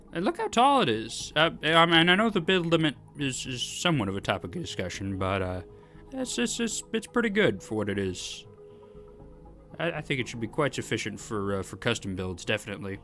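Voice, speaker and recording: A man giving excited commentary over game footage as a video host, gushing with enthusiasm and often repeating words as he starts a thought. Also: medium pitch.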